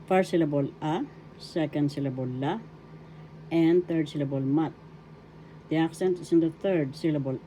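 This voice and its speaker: An older woman with a Filipino accent teaching a video language lesson, breaking words slowly into syllables. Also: low-pitched, dark tone, a little hiss or hum, poor audio. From Philippines. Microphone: webcam or phone camera.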